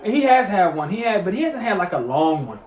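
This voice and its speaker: Snacking as he goes, this man gives real-time play-by-play and reactions to football, alternating quiet grumbles with loud, profane shouts. He speaks quickly in a high voice, and the audio is dull with an echoey room.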